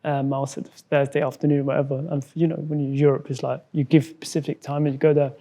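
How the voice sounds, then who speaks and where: A man from Somalia, a guest in an interview, telling a personal story in a halting way, repeating words and acting out what others said. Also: a little high, little pitch movement, warm tone. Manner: halting, repeats words, acts out quoted dialogue.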